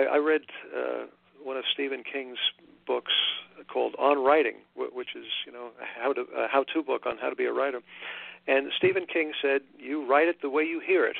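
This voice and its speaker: Older male author guest, gravelly and halting, heard over a tinny phone line. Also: medium pitch, no echo. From Long Island, New York. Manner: halting, many restarts and fillers. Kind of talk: casual interview chat.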